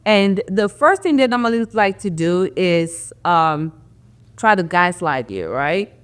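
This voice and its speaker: A woman's voice: on the low side, sing-song, measured pace, clean tone. A woman hosting a podcast interview, talking casually with lots of "like" and "you know" fillers, encouraging her listeners. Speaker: podcast host.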